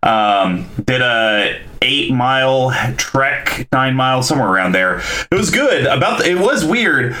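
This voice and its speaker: Lively bright-voiced man, echoey room. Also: mid-range voice, a little slow, hardly any pauses. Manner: lively storyteller, dry humor. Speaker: podcast host. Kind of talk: casual chat.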